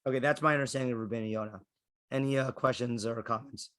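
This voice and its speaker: Rabbi teaching a Torah class. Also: male voice, mid-range voice, fairly even intonation, fast talker, fairly bright tone. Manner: checks in often with "okay?"; thinks aloud with restarts. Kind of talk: explanatory class lecture.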